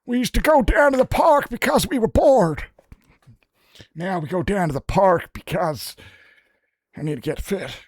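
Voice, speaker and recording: A man's voice: high voice, lively intonation, a little slow, pauses often, a little mellow, no echo, pitched above the performer's own voice, full character voice. A man voicing a grumbling old man with an odd accent, reminiscing in a preachy way about the old days. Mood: nostalgic.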